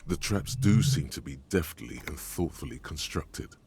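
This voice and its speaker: An actor voicing a brooding male inner-voice narrator in a detective video game, speaking in a slow, ominous, poetic way. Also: a bass voice, animated, darkish tone, a little hiss or hum.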